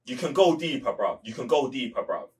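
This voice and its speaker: A man's voice: mid-range voice, very animated, fairly quick, a little mellow, far from the mic. Emphatic man, bruv-heavy. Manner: emphatic, slangy, says "bruv" a lot. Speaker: movie reviewer. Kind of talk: casual chat.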